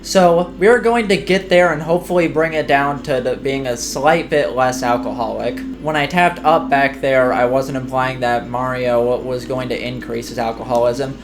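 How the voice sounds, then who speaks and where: A man's voice: medium pitch, moderate pace, few pauses. A man giving casual, rambling commentary while playing a video game, chatty and self-deprecating. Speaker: gaming YouTuber. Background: faint game music.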